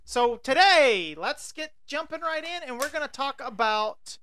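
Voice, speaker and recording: A woman's voice: sits high, expressive, a little slow, a bit bright, slight background noise. A woman co-hosting a podcast in casual chat, brassy, playful and self-assured, talking into a studio microphone. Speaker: podcast co-host.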